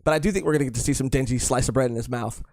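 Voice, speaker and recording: A man's voice: medium pitch, racing, a little mellow, no echo, clean studio sound. A man co-hosting a podcast live stream, chatting casually and rambling with lots of fillers and repeated phrases. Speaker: podcast co-host.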